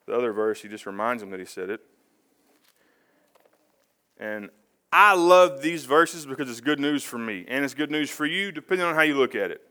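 Chatty preacher with a bright voice. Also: male voice, medium pitch. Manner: conversational, rambling with asides and self-corrections. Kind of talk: casual sermon.

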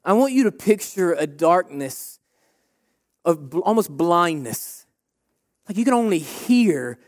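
A man's voice: sits high, big pitch swings, a little slow. A man of forty, a pastor, preaching a sermon with fervent, repeated short phrases. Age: 40s.

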